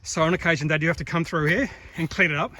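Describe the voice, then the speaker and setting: A man's voice: a little high, fairly even intonation, fast talker, bright, forceful tone, a little hiss or hum. A man chatting casually and rambling with fillers while filming himself on an outdoor rainforest trail. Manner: chatty, rambling, lots of fillers and self-corrections. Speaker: hiking vlogger. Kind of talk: casual vlog narration while hiking.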